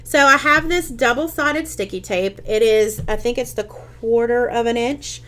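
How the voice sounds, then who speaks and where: A woman's voice: fairly high pitch, a little slow, a bit bright. A woman hosting a casual live-stream craft tutorial. She chats with viewers, answers their comments, and talks with frequent ums and restarts.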